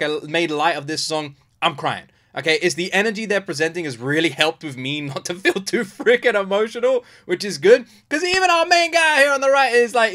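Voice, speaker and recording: Excitable British guy, bright voice. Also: high-pitched. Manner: openly emotional, excitable, lots of fillers. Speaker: music reaction host. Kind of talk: casual chat.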